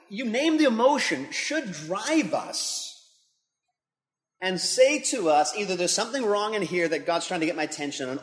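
A middle-aged man, a pastor and school leader, giving an earnest devotional talk that builds to emphatic intensity. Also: a little high. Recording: long hall reverb.

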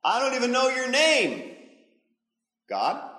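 A man's voice: wildly swooping pitch, slow pace, bright, forceful tone, full character voice. A man doing a stammering, reluctant old prophet. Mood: pleading. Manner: stammering, pleading, high and strained. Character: timid reluctant older male shepherd prophet. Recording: echoey hall with long reverb.

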